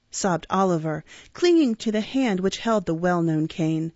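A woman narrating a classic novel in a measured, expressive reading voice. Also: lowish voice, dry recording. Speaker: audiobook narrator. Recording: dull, dry recording.

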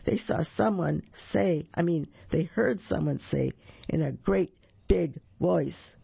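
Slow, gravelly storytime reader. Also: medium pitch, warm tone, no room sound, dull audio. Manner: slow, drawn-out storytelling with sound effects. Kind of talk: reading a children's picture book aloud.

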